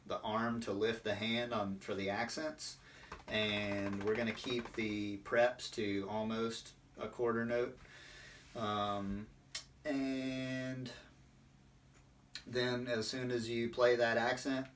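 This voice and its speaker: A man's voice: on the low side, fairly bright tone, far from the mic, slight background noise. A man, a percussion instructor, explaining drum technique in an online lesson with many fillers.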